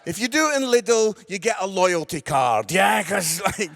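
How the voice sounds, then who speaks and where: A man in his fifties doing stand-up storytelling on stage, animated, with quick "yeah?" asides to the crowd. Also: high-pitched, gravelly, in a large hall. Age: 50s. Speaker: comedian and evangelist. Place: live venue before an audience.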